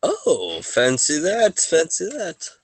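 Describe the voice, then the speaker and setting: A man's voice: fairly high pitch, huge pitch swings, slow, slightly rough, no echo, voice pushed up, full character voice. A man voicing a humble, easygoing male merchant in a tabletop game, rambling with fillers. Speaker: game master voicing a character. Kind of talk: tabletop role-play.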